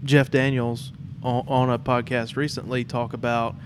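A man's voice: medium pitch, normal speed, noisy background. Easygoing man hosting a theatre chat. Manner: relaxed, rambling, many fillers and restarts. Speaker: podcast host. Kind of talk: casual interview chat.

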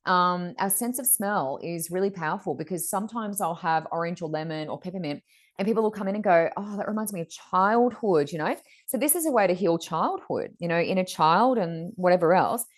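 Woman, chatty podcast co-host, slightly low voice, loose filler-heavy talk. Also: a little fast. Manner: chatty, frequent fillers and "you know". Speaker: podcast co-host, psychic reader. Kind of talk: casual spiritual wellness chat.

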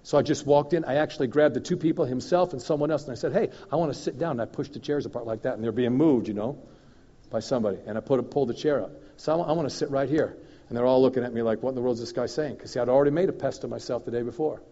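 Animated man preaching in a hall. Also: racing. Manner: animated, swings between loud emphatic and low confiding. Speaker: guest minister. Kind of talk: storytelling sermon. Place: church hall. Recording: dull recording in a reverberant hall.

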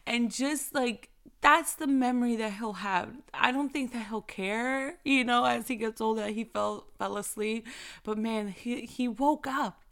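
Earnest storytelling mom with vocal fry. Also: female voice, on the high side, a little slow. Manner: animated, earnest, repeats phrases for emphasis. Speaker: mother sharing faith reflections. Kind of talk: casual inspirational storytelling.

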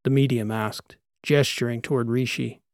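A man narrates a science-fiction audiobook in the first person, with a steady, measured pace. His voice sits at a middle pitch, and the recording is close and dry, with no room sound. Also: no echo.

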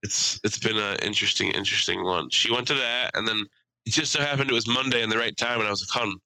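Young male podcast co-host, crude joking storyteller, very bright tense tone, dry close sound. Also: on the low side, quick pace, no room sound, low-quality recording. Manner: storytelling with crude jokes and voiced impressions. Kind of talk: casual chat.

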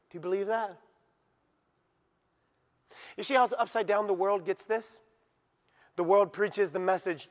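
High-voiced man preaching in a reverberant hall. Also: normal speed, pauses often. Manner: dramatic swings from hushed to shouted. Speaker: pastor. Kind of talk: sermon.

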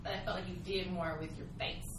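A woman's voice: on the low side, little pitch movement, fast, heavy background noise. A woman hosting a casual interview, gushing and full of fillers like "like". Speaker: interview host. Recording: echoey room from far off, crowd behind.

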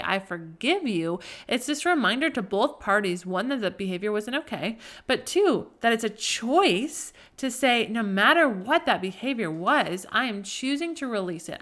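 A woman's voice: medium pitch, fairly bright tone. A woman in her thirties hosting a faith-based parenting talk, earnest and conversational, with frequent asides. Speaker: podcast host.

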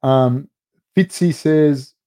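Middle-aged guy on a livestream, warm mellow voice, swears a lot, rambles through chat comments. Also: a little high, very slow. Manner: loose, profane, rambling with many fillers. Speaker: host of a live fight recap show. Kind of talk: casual live-stream chat reading viewer comments.

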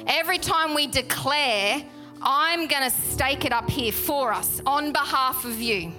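A woman preaches to her congregation, with a fairly high, bright, ringing voice. She talks in a chatty way and drives points home by repeating them. Soft music plays behind her. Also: unhurried. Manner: animated, chatty, with laughs and emphatic repetition. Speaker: pastor. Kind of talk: sermon. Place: church hall.

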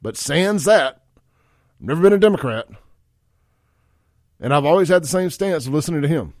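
A man's voice: a little high, lively intonation, normal speed, a little mellow, no room sound, clean studio sound. A man hosting a radio talk show, rambling in a folksy way with frequent restarts. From Mississippi. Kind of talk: casual talk radio monologue. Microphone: studio microphone.

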